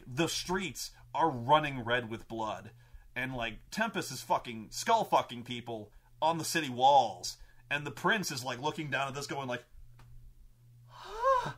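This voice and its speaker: A man hosting a show, animated and profane, telling a story about running a tabletop game and laughing often. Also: mid-range voice, breathy edge. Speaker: show host recounting his game mastering. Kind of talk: casual storytelling.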